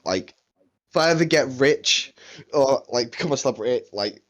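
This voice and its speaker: A man's voice: mid-range voice, expressive, moderate pace, fairly bright tone. A young man co-hosting a podcast, chatting in a laid-back way and often chuckling. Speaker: podcast co-host. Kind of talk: casual chat.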